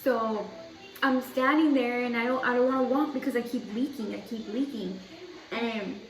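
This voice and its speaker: A woman's voice: fairly high pitch, moderate pace. A young adult woman telling a personal story in a casual, rambling way, full of "like" and restarts. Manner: chatty, rambling, heavy use of "like". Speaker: vlogger. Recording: echoey room, mic at a distance.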